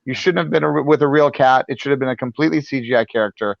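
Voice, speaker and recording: A man doing an impression of an older film director, talking in a slow, earnest and apologetic way. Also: medium pitch, creaky, no room sound, lightly acted. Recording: dull, dry sound.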